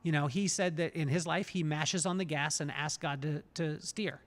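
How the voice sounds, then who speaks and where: A man's voice: a little high, steady tone, moderate pace, fairly bright tone, in a large hall. A man hosting a podcast, talking in an earnest, reflective way and repeating words as he thinks. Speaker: podcast host. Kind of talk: casual podcast conversation.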